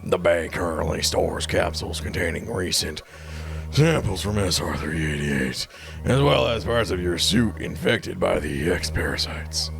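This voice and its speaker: A man voicing a blunt male ship's computer commander in a clipped, flat robotic delivery, reading game dialogue aloud over game music. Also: low-pitched, unhurried, gravelly, pitched below the performer's own voice, full character voice. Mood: commanding.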